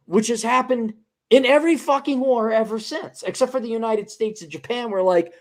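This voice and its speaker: A man's voice: extremely high pitch, a little fast. A man hosting a casual podcast chat, ranting heatedly with swearing and frequent restarts. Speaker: podcast host.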